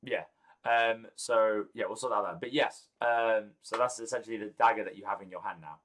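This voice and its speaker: A man's voice: lowish voice, fairly quick, fairly bright tone, poor audio. A man narrating a tabletop game as game master, hesitant and full of ums, laughing often.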